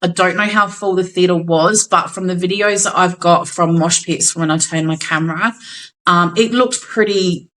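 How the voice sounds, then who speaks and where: A woman's voice: fairly low pitch, fairly even intonation, moderate pace, a bit bright, poor audio. A young Australian woman co-hosting a podcast, telling a gig story in casual chat, acting out quotes and swearing casually. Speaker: podcast co-host.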